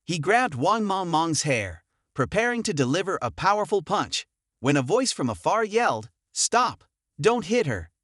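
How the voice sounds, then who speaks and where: Animated male recap narrator. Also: sits high, normal speed, dry recording, studio quality.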